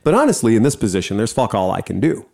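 A man hosting a podcast, telling a long story in casual chat, profane and animated. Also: on the low side, fast talker, gravelly. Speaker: podcast host.

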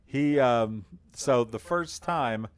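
A man co-hosting a podcast with a baritone voice, telling a long story in a relaxed, rambling way with lots of fillers. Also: slow, smooth. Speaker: podcast co-host. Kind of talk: casual chat.

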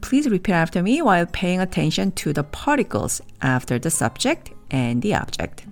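Woman teaching with a lively, low voice. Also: soft background music. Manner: clear, measured, repeats example sentences slowly. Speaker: language teacher. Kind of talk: scripted lesson narration.

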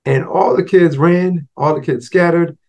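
Hosting a podcast, a man shares a personal story in a motivational way, casual in tone and full of asides like "right?" and "you know." His fairly high voice is steady and darkish in tone, at a measured pace.

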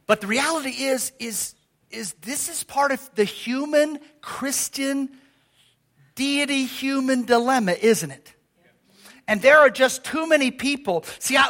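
Older male pastor, high-pitched, conversational sermon with call-and-response. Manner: lively, conversational preaching with audience call-outs.

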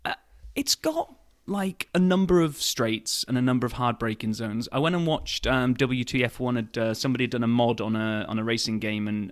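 A man's voice: medium pitch, dry recording, clean studio sound. A man hosting a podcast in casual chat, upbeat and full of restarts. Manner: upbeat, many fillers and restarts. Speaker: podcast host.

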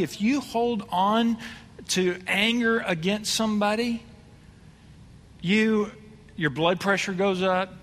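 A man's voice: sits high, a little slow, a bit bright. A man preaching a conversational sermon, asking his congregation questions. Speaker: pastor. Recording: reverberant hall.

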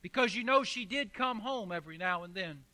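A man's voice: high voice, animated, brisk, bright, forceful tone. A man preaching a sermon as pastor, emphatic, with rhetorical questions and repeated phrases.

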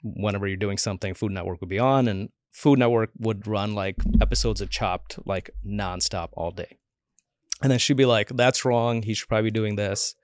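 A man's voice: fairly low pitch, fairly even intonation, normal speed, no echo, clean studio sound. A man in his forties, a podcast guest telling stories in a casual, chatty way, acting out the voices he quotes and filling his talk with "like.". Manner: chatty, acts out quoted voices, many "like" fillers. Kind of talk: casual interview storytelling.

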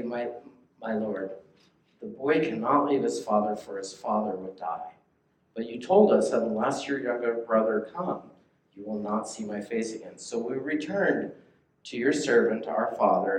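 A man's voice: mid-range voice, moderate pace, a little hiss or hum, close to an everyday voice. A man reading the part of a humble older brother pleading with a powerful ruler. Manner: earnest, imploring scripture reading. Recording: echoey room.

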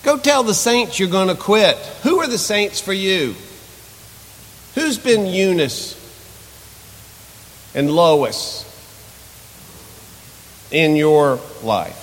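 A man's voice: high voice, big pitch swings, very slow, pauses often, big-room sound. A male pastor preaching a sermon with impassioned, repetitive rhetorical questions, in a church sanctuary.

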